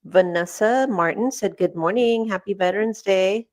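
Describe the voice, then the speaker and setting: A woman off camera reading viewer comments aloud for a livestream in a brisk, list-like way. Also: mid-range voice, a little mellow. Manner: brisk, reads names off a list. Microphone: off camera, away from the mic.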